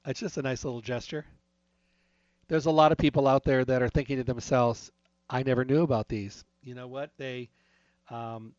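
A man's voice: mid-range voice, dry recording. A man chats casually about health, spinning anecdotes and acting out the back-and-forth of conversations. His voice sits in a middle range. The recording is dry and a little dull, like modest lo-fi gear. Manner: chatty, storytelling with retold dialogue. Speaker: health talk speaker. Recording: dry, slightly dull lo-fi sound.

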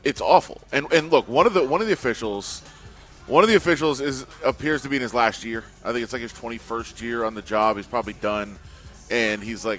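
A man co-hosting a casual sports talk show, animated and indignant as he argues his point. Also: mid-range voice, a little fast, soft background music. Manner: animated, indignant, with loud mocking impressions. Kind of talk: casual sports radio chat.

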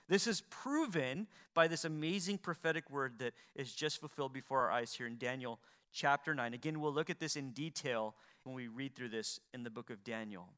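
A middle-aged man preaches from the pulpit in a high-pitched voice. His tone is bright and ringing, and he drives his points home with rhetorical questions. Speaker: pastor. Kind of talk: sermon.

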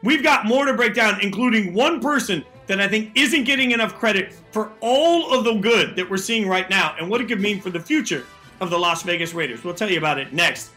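A man's voice: high voice, animated, fairly quick, bright, forceful tone, soft background music. A man hosting a sports talk radio show, talking energetically about football and taking callers. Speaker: radio host.

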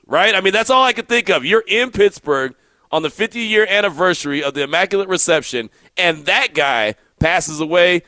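A man hosting a sports radio show, telling stories in an animated way and acting out the quotes. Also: sits high, normal speed, no room sound. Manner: animated storyteller, acts out quotes. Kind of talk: casual sports radio talk.

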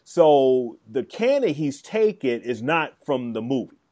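A man's voice: medium pitch, big pitch swings, a little slow, mellow. A man co-hosting a podcast in casual chat, talking hesitantly with many fillers and restarts. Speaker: podcast co-host.

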